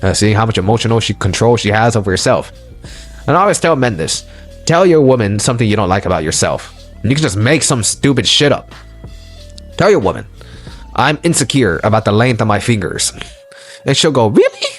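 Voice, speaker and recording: A man's voice: fairly low pitch, big pitch swings, brisk. Emphatic man lecturing over faint music. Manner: emphatic, repetitive, preachy. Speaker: lecturer on relationships. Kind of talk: motivational audio lecture.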